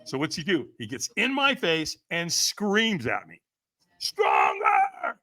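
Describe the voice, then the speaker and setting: Animated storyteller man, bright voice. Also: a little high, unhurried. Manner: lively, acts out quoted voices, laughs often. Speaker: podcast guest, firewalk trainer.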